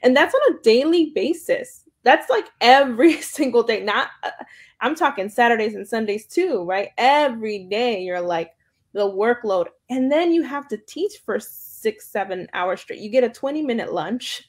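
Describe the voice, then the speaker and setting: A woman's voice: a little high, expressive, normal speed. A young woman hosting an interview, friendly and affirming, often backing up her guest. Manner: friendly, affirming, frequent backchannels. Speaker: interviewer, host. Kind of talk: conversational interview.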